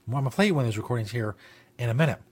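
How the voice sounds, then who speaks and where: A man's voice: medium pitch, rapid-fire, slightly rough. A male talk-show host rambling casually and profanely, laughing at his own jokes, in a studio.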